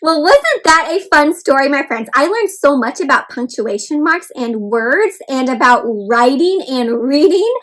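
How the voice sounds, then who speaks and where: This high-voiced woman, captured on a rough recording, leads a read-aloud for young children. Her delivery is a cheerful, bouncy sing-song full of encouragement and counted prompts, and she keeps addressing the kids as her friends.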